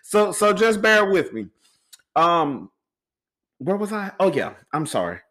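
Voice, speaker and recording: A man's voice: sits high, very animated, unhurried, fairly bright tone. A man hosting his own podcast in loose, rambling casual talk, calling his listeners y'all and sounding emotional and wavering as he shares personal news. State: emotional, voice wavering while recounting a loss. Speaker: podcast host.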